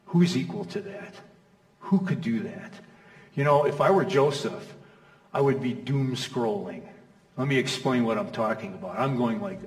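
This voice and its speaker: A man's voice: medium pitch, animated, normal speed. A middle-aged male pastor preaching a sermon in a conversational, storytelling way, acting out quoted voices, in a church hall. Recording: echoey hall from far off.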